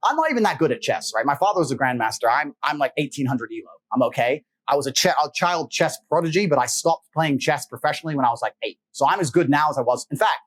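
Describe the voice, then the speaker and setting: Husky, slightly high-voiced man; blunt, profane interview guest. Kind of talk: emphatic motivational talk.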